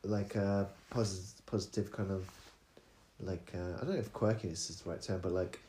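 A man's voice: low voice, fairly even intonation, moderate pace, dark tone, roomy sound, slight background noise. A man with a British accent co-hosting a casual late-night podcast, tired, playful and wordy, hunting for words with fillers. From Britain. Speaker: podcast co-host.

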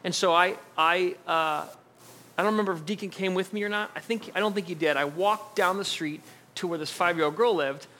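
A pastor with a high, sharp voice speaks fairly quickly while preaching a sermon, telling a personal family story conversationally and acting out what other people said.

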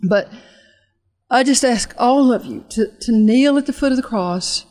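Her voice sits on the high side yet has a dark tone as this woman ministry leader recounts an emotional testimony and calls people to the altar. She preaches fervently and earnestly, restarting haltingly and slowing for emphasis.

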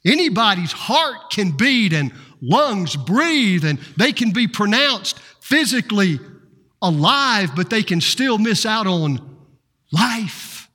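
A man preaching a sermon, slow and dramatic, with repeated refrains and rhetorical questions. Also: high-pitched, big pitch swings, sharp tone, breathy edge. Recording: reverberant hall.

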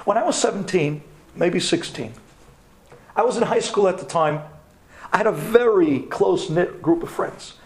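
A man who is a rabbi, telling a personal story to a class in a dramatic storyteller's manner, dropping to a hush at tense moments. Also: high-pitched, moderate pace. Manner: animated, dramatic storytelling with sudden drops to a hush.

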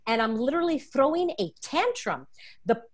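A woman with a high voice speaks at a normal speed as an interview guest. She tells a frank, confessional personal story with emotion and expression, acting out the voices of the people in it.

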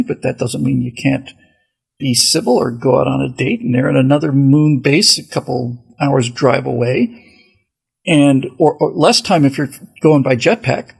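A man's voice: medium pitch, low-quality recording. A man hosting a podcast in a casual, rambling monologue, often restarting his sentences. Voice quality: very gravelly, raspy voice. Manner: rambling, with many restarts and asides. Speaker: podcast host.

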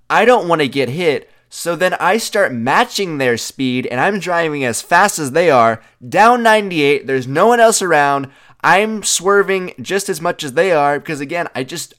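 A young man casually telling an animated story, chatty and full of "like" fillers. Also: on the high side.

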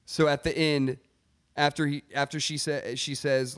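A man co-hosting a podcast, telling a story in a casual, rambling way and reading messages aloud, often clearing his throat. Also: on the high side, level tone, measured pace, a bit bright. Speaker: podcast co-host.

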